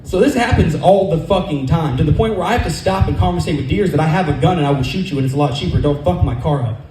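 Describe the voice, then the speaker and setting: A stand-up comedian man racing through his set in a slightly high, mellow voice. He rambles from story to story with plenty of swearing. His voice bounces around a roomy club. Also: a little hiss or hum. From California. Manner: rapid, profane, rambling storytelling. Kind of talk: stand-up set at an open mic. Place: comedy club open mic night.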